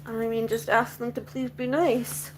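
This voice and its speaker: A woman's voice: on the high side, steady tone, normal speed, noisy background. Chatty woman vlogging on her farm. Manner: chatty, talks sweetly to her animals. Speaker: animal vlogger. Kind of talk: casual vlog narration. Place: farm barn with animals.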